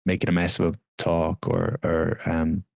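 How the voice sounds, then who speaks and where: A man's voice: low voice, monotone, unhurried, gravelly, no room sound. A middle-aged man, a wellness coach, telling candid personal stories in a casual podcast conversation, with frequent fillers and laughs.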